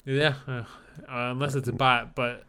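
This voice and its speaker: Smooth-voiced chatty podcast host man. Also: medium pitch, flat delivery, moderate pace, sharp tone. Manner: chatty, rambling show announcements. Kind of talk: casual podcast banter.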